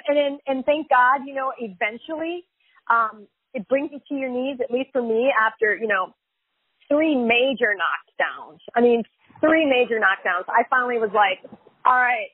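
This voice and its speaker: A woman's voice: high-pitched, husky, no echo. A woman, a chiropractor and life coach, telling her story candidly and emphatically in an interview, with frequent fillers and repetitions. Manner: emphatic, repeats herself, many fillers. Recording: phone-line audio.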